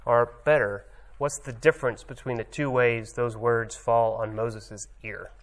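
A male preacher reads a scripture passage in a firm, emphatic voice. He then moves into relaxed, searching commentary full of small hesitations. His pitch sits in an ordinary middle range. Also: unhurried. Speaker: pastor.

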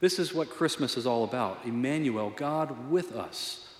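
Man, pastor, conversational sermon, earnest, self-deprecating, mid-pitched voice, roomy church echo. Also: lively intonation, a little slow. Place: church sanctuary. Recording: echoey hall reverb.

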